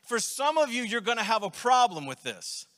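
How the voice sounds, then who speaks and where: A young man gives a sermon from the pulpit. His voice sits high and bright, and his delivery is conversational, with self-deprecating asides. The sound carries the long reverb of a church hall. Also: big pitch swings, normal speed. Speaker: pastor. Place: church sanctuary.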